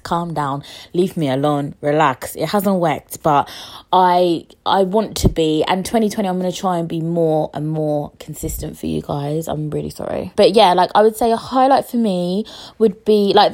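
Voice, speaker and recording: A woman's voice: on the low side, darkish tone. A young woman, hosting her own podcast in casual, chatty talk, swearing and teasing herself as she goes. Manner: chatty, swearing, self-mocking, emotional. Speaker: podcast host. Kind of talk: casual solo podcast chat.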